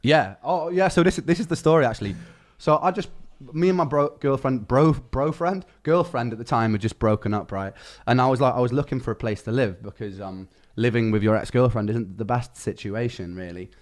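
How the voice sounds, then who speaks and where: A man's voice: mid-range voice, fairly quick. A man, a music producer, tells a casual rambling anecdote with frequent restarts and swearing. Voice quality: rambling, self-correcting, swears freely. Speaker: music producer telling a story.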